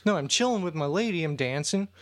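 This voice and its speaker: A young man co-hosting a comedy podcast, telling a rambling, profane story in a deadpan way amid crude banter. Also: fairly high pitch, fast. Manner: rambling, profane, deadpan parody of a movie plot. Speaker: podcast co-host.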